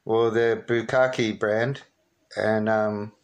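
A man making a prank phone call, deadpan and hesitant, with many ums. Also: fairly low pitch, slow, slight background noise. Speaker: prank caller.

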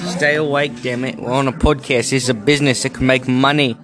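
A man's voice: mid-range voice, steady tone, brisk, over music. A young man co-hosting a podcast, crude and joking in casual chat. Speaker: podcast co-host.

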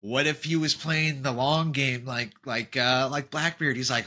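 A man with a very bright, sharp-edged voice at a middle pitch, chatting casually as a podcast co-host. He talks animatedly, laughs often and drifts into playful tangents. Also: unhurried, hardly any pauses. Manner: animated, laughing, jumps into tangents and jokey impressions. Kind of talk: casual chat.

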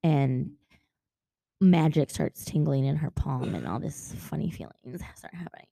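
A woman's voice: low-pitched, animated, measured pace, creaky, mellow, no room sound. A woman co-hosting a casual book-discussion podcast. She talks animatedly, swears freely and acts out characters' lines. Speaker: podcast co-host.

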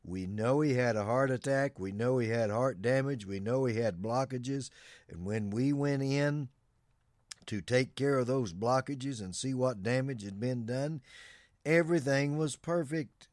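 Male pastor, earnest sermon delivery, mid-pitched, dry close sound. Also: a little slow, a little mellow, no room sound. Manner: earnest preaching with Bible quotations.

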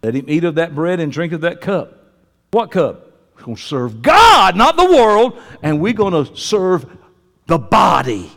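A man preaching a sermon, folksy and joking, swinging from quiet asides to loud preaching. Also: fairly high pitch, sing-song, a little slow, long reverb tail. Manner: folksy, joking, uses y'all and ain't. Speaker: pastor. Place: church sanctuary.

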